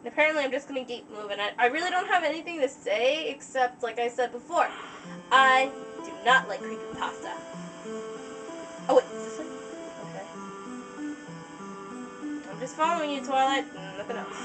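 A high-voiced woman rambles through casual game commentary, full of ums and restarts. She sounds a little away from the mic, with faint game music playing underneath. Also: expressive, moderate pace, pauses often, sharp tone, distant mic, poor audio. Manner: rambling, filler-heavy. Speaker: let's play gamer.

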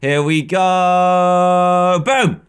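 An English man in his twenties with a high voice narrates a video game as he plays. He talks in a chatty, playful way and often jumps from calm remarks to excited yells, as gaming commentators do. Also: extremely slow, clear, resonant tone. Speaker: gaming YouTuber. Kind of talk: live gameplay commentary.

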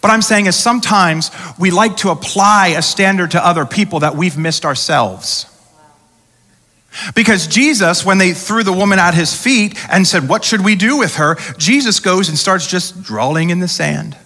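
Male pastor mid-sermon, conversational preacher who acts out quoted voices, bright forceful tone, slightly high. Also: moderate pace. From United States. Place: large church auditorium. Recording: church hall reverb.

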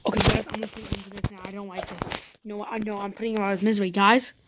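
Speaking rapid-fire in a mid-range voice with little pitch movement, this YouTuber gives live commentary on a roleplay game straight to her audience. The clip is very noisy, and she's jumpy, often letting out repeated panicked no's.

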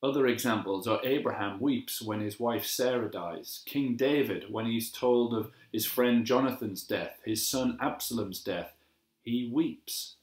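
A man giving a gentle, measured devotional sermon as a pastor, slowing down to repeat key phrases. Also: medium pitch. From England. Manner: gentle, measured and reflective, with slow emphatic repetitions. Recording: echoey room.

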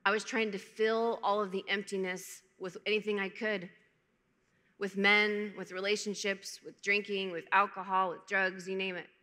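A woman's voice: medium pitch, level tone, normal speed, pushed and bright. A woman in her thirties giving a candid, emotional personal testimony to a conference, with self-deprecating humor. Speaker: conference speaker. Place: large conference hall. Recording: reverberant hall.

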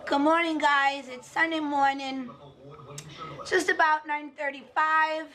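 A woman with a slightly hoarse voice, chatting casually to a handheld camera in a family vlog. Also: high-pitched, fairly even intonation, a little slow, heavy background noise. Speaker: family vlogger.

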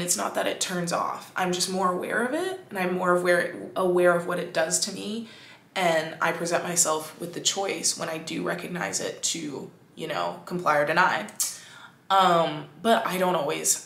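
A woman hosting a podcast, talking in a casual, animated monologue full of "like"s and restarts. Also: lowish voice, moderate pace, creaky, echoey room. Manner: animated, chatty, many "like"s and restarts. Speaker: podcast host.

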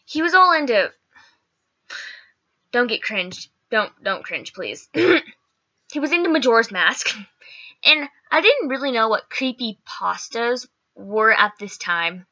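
A woman's voice: a little high, big pitch swings, measured pace, pauses often, bright, forceful tone, dull audio. A woman vlogger telling a story in casual, chatty talk, full of "like" and "okay" and some swearing.

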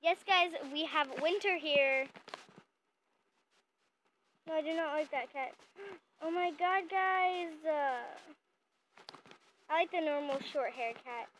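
A woman giving casual, excitable commentary while playing a mobile game, chatting constantly to her viewers. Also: high voice, slow, pauses often, slight background noise, low-quality recording. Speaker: gaming channel host.

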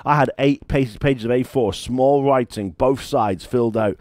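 A man's voice: mid-range voice, moderate pace, darkish tone, no room sound, clean studio sound. A British man, a church founder and pastor, preaching a sermon in a conversational, emphatic way with stories.

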